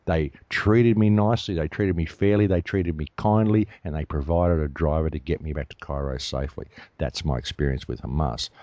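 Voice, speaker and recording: A man's voice: a bass voice, fairly quick, hardly any pauses, darkish tone, dry recording, lo-fi sound. A man, talking emphatically and indignantly as a guest in an interview. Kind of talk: heated interview talk.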